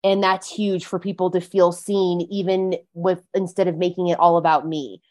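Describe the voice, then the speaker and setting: A woman's voice: lowish voice, little pitch movement, normal speed, a little mellow. A woman guest talking earnestly about recovery, leaning on frequent "like" fillers as she goes. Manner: earnest, heavy use of "like" fillers. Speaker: podcast guest. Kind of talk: casual conversation about recovery.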